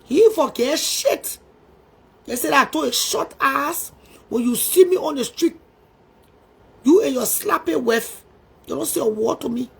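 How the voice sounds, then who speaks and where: Liberian woman, live-stream host, very high voice, slow unhurried delivery, emotional exclamations. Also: creaky. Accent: Liberian English. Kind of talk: casual live-stream commentary.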